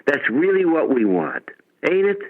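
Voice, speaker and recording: An older man from Chicago talks in a lively, swooping way, spinning playful stories as an interview guest. His voice comes through a tinny, narrow phone line. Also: fairly high pitch, normal speed. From Chicago, USA. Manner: animated, storytelling, playful. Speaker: musician guest. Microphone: telephone.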